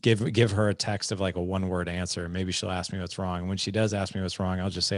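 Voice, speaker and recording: A man hosting a podcast in casual conversation, animated as he acts out quoted dialogue. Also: low-pitched, brisk, dry recording, clean studio sound. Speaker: podcast host.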